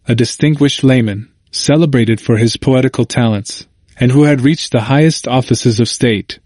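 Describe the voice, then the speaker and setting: A man reading a historical audiobook in steady, formal scripted narration. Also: mid-range voice, no room sound, clean studio sound.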